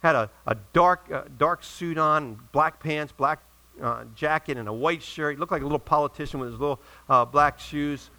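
Bright-voiced man preaching with fervor. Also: on the high side, moderate pace, poor audio. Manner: storytelling, swings from loud emphatic peaks to quiet asides. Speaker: pastor. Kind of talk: sermon. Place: church.

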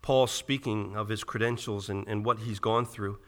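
A man's voice: fairly low pitch, steady tone, moderate pace, long reverb tail. A man preaching a sermon to his church in an earnest, emphatic manner. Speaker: pastor.

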